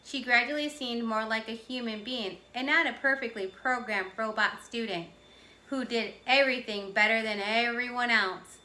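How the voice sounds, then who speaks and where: Bright-voiced woman reading a storybook aloud. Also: on the high side, normal speed, echoey room. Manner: clear, expressive storytelling. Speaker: teacher reading to her class. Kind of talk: reading a children's chapter book aloud.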